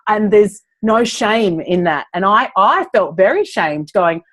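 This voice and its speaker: A woman's voice: medium pitch, lively intonation, measured pace, a bit bright. Frank, chatty woman coach. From Australia. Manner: frank, chatty, laughs often. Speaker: business coach. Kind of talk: casual group coaching call.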